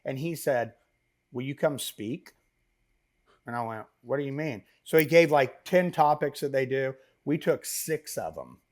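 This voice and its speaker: A middle-aged man, a business founder, telling stories as a podcast guest in a rambling, animated way with many fillers and asides. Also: mid-range voice, normal speed, hardly any pauses. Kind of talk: casual interview storytelling.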